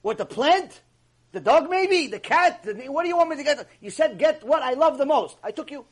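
A man doing a quick-witted loving wife. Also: extremely high pitch, animated, voice pushed up. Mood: indignant teasing. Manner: teasing, indignant questioning.

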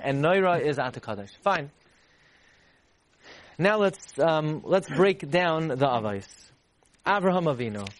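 A man giving a Torah class, animated and repeating lines for emphasis. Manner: animated, repeats for emphasis, rises high to act out voices. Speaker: Torah teacher.

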